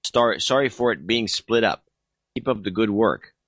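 A man with a lowish voice reads listener notes on a podcast, tossing in dry, wry asides. The sound is close and dead, with no room around it. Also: normal speed, a bit bright, no room sound. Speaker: podcast co-host reading donations. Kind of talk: casual chat.

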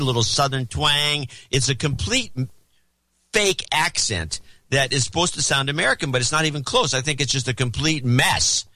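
A man co-hosting a casual chat show, rambling with restarts and quick asides. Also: fairly high pitch, pushed and bright, no echo. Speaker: podcast co-host.

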